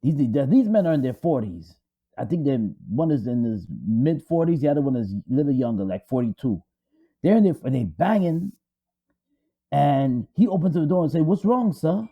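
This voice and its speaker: A man's voice: mid-range voice, animated, normal speed, slightly rough, narrow, tinny audio. A man co-hosting a talk show, telling a story dramatically with emphatic repetition. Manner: repetitive, emphatic, restarts for effect. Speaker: co-host.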